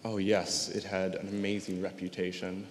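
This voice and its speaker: A teenage boy testifying as a witness in a mock trial, giving measured, guarded answers. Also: sits low, monotone. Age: teens. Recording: echoey hall, long reverb, faint hiss.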